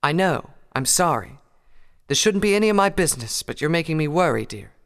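A man's voice: a little high, very animated, a little fast, creaky, a bit bright, voice pushed up, exaggerated voice. A man doing a prim, genteel pony lady. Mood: fretful. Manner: genteel, prim, dramatic phrasing. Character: refined fussy female pony, prim and worried. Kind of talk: fan fiction audiobook reading. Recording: long hall reverb.

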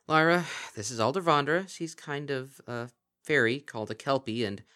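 A man doing a weary deadpan changeling mare. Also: medium pitch, moderate pace, pitched above the performer's own voice, natural voice. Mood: weary dry. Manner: flat, dull, resigned. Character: weary disguised female changeling, dry and exasperated.

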